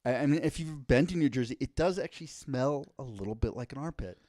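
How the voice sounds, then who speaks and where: A man's voice: medium pitch, fast talker, no room sound. A man co-hosting a casual comedy podcast, telling stories and acting out quotes. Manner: animated storytelling, acts out quotes. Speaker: podcast co-host.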